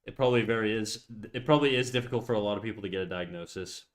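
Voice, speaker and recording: A man's voice: on the low side, racing. A young Canadian man with a Canadian accent, chatting casually and swearing freely as he draws on a live stream. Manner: loose, joking, swears often. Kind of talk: casual chat while drawing.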